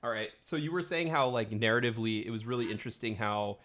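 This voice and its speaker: A man's voice: medium pitch, quick pace, a bit bright. A man co-hosting a podcast, chatting animatedly about films, laughing often and filling his talk with "like". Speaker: podcast co-host. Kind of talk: casual film-discussion chat.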